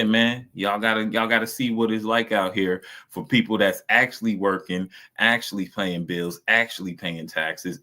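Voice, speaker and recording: A man's voice: lowish voice, bright, forceful tone. A man, reacting to videos on a stream. He talks in a blunt, casual way, profane and mocking. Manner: blunt, profane, mocking, acts out quoted voices.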